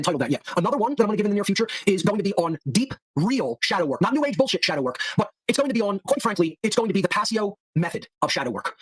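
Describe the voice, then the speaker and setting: A man's voice: high voice, low-quality recording. A man delivering an angry, scornful monologue rant as a show host, heaping insults and repeating himself for emphasis. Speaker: occult lecturer and show host.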